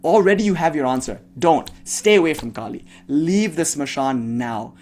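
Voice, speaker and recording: Man, spiritual teacher, fairly high voice, blunt and impassioned, swears freely. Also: lively intonation, normal speed, darkish tone, a little hiss or hum. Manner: mocks imagined questioners. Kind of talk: devotional talk and rant.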